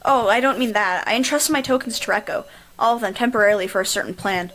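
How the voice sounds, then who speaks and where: A woman's voice: medium pitch, fast talker, fairly bright tone, close to an everyday voice, low-quality recording. A woman voicing an anxious, desperate young woman, reading her inner thoughts in a tense, pleading way. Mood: urgent.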